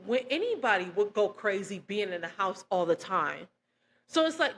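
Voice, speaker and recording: A young woman, telling a personal testimony in a casual, animated way and acting out quoted dialogue. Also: on the high side. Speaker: vlogger.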